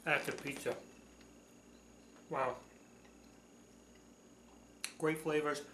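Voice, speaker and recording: Man, cooking show host, chatty and folksy, slightly high voice, echoey kitchen. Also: fairly even intonation, very slow, bright, forceful tone, a little hiss or hum. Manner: chatty, folksy, enthusiastic about food. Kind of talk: casual cooking demonstration.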